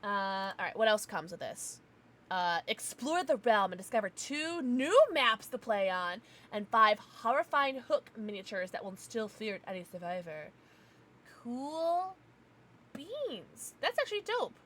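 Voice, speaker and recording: Lively, bright-voiced young woman streamer. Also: medium pitch, unhurried. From United States. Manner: animated, ranting, laughing often, talks to pets. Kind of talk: casual livestream chat with viewers.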